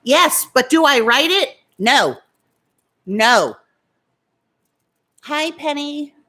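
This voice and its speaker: Slow-talking, defiant woman vlogger. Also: sits high, animated, pushed and bright. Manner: defiant, chatty, talks back to critics. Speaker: YouTube beauty vlogger. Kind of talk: casual makeup chat, answering viewer comments.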